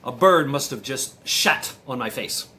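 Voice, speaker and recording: A man's voice: mid-range voice, expressive, unhurried, sharp tone, a little hiss or hum. A man voicing a god who has just woken under a tree, grumbling. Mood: groggy.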